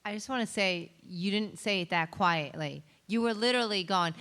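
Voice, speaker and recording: Gravelly-voiced woman co-host, teasing. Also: mid-range voice, normal speed, few pauses, a bit bright. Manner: teasing, cuts in to correct. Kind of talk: casual banter.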